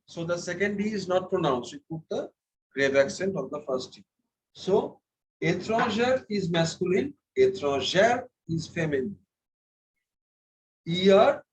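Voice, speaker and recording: Slow, high-voiced teacher. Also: male voice, rough recording. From India. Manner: patient, repeats words and checks understanding. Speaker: French teacher. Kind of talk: classroom lesson.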